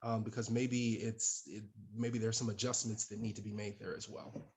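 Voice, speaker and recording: A man's voice: fairly low pitch, level tone, moderate pace, a little mellow. A man on a discussion panel, talking in a thoughtful and slightly hesitant way. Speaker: panel guest. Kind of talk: casual panel chat.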